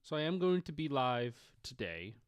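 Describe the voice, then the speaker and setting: A man's voice: mid-range voice, big pitch swings, moderate pace, smooth, no echo. A man live-streaming casual sports chat, rambling and swearing freely, with lots of fillers. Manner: rambling, profane, many fillers.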